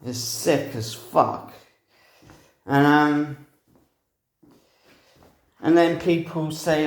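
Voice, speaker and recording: A man's voice: a little high, extremely slow, long pauses. A young man telling a rambling personal story, swearing freely and laughing at himself. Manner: profane, meandering, laughs at himself. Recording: roomy echo.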